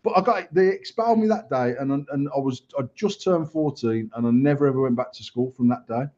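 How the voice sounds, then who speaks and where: A man's voice: mid-range voice, brisk, dark tone. An English man in his thirties or forties, telling a crude story in casual podcast chat, swearing constantly. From England. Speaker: podcast host. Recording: dull lo-fi recording.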